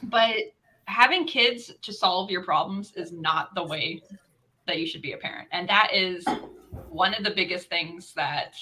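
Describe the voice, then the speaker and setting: Bright-voiced opinionated woman. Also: lowish voice, a little slow, slight background noise, low-quality recording. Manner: opinionated, rambling with restarts. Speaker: participant in group chat. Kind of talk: casual group chat.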